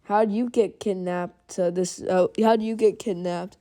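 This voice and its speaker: A woman's voice: mid-range voice, steady tone, unhurried, dark tone, natural voice. Anakin, a cocky teasing young warrior, as a woman puts him on. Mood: mocking. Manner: mocking, teasing.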